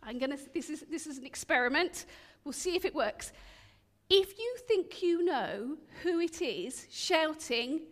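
Animated high-voiced woman preacher in a church. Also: measured pace. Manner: animated, chatty, asks the audience questions. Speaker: preacher leading an all-age church talk. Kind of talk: storytelling sermon. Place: church hall. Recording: long reverb of a church.

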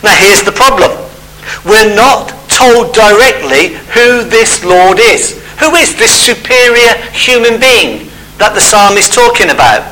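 Male preacher, high bright voice, chatty explanatory sermon delivery. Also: expressive, unhurried, slight background noise, low-quality recording. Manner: conversational, explaining step by step.

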